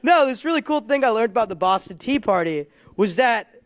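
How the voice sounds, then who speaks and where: Young man doing stand-up, high voice. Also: lively intonation, brisk, dry recording. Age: young adult. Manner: rambling, self-deprecating storytelling with frequent laughs. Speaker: stand-up comedian. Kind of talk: stand-up comedy set. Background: audience laughter.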